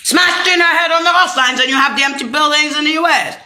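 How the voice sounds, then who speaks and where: Speaking at a quick pace, a woman launches into a bitter, rambling, profane rant directly to the camera, veering between shouting and low muttering.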